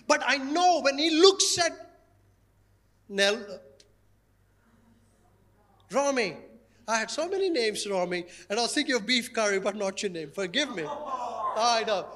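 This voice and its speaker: High-voiced male pastor preaching. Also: measured pace, long pauses. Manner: animated, playful, repeats key phrases. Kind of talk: sermon.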